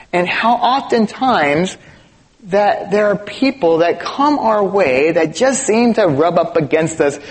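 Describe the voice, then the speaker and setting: A middle-aged man from East Los Angeles preaching a sermon as pastor, conversational and animated, often asking the congregation rhetorical questions. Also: high voice.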